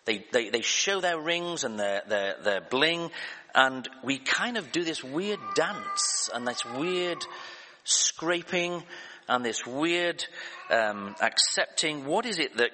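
A man's voice: fairly high pitch, animated, slow, sharp tone, a little hiss or hum. A man preaching a sermon, hesitant and self-deprecating, with many fillers and restarts. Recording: reverberant church hall.

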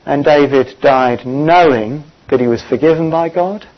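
A man preaching a sermon, earnest and often pausing on "uh" as he gathers his thoughts. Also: fairly high pitch. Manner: earnest, pausing with frequent "uh" fillers. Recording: dull lo-fi recording.

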